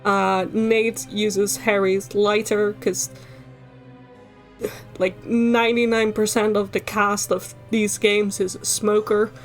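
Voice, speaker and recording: A woman with a Dutch accent, casually recapping a story as a streamer, sweary and full of fillers and laughs. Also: mid-range voice.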